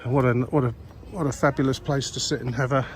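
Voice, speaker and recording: An older man narrates a walk through old streets, his voice husky from a cold. He rambles wryly with lots of uhs. Clear street noise sits behind him outdoors. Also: mid-range voice, steady tone, quick pace. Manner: rambling, wry, many ums and uhs. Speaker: vlogger. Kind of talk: walking tour commentary.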